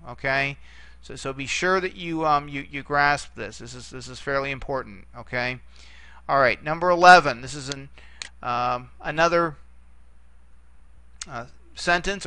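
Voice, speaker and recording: A middle-aged Greek teacher with a sharp, somewhat high voice lectures on Greek grammar in a recorded class with no room sound. He explains step by step, checking in with "okay?" over and over.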